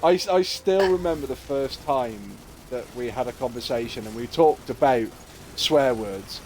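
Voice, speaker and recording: A middle-aged English man chatting casually on a livestream, an animated storyteller who swears freely and slips into other people's voices. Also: medium pitch, moderate pace, a little hiss or hum. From England. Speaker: streamer.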